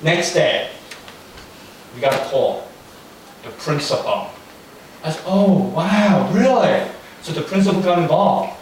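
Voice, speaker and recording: In a very echoey church hall, recorded far from the mic with faint noise, a young male pastor preaches in a casual, storytelling way. His voice is fairly high, his pace measured with frequent pauses, and he's chatty and anecdotal with lots of fillers.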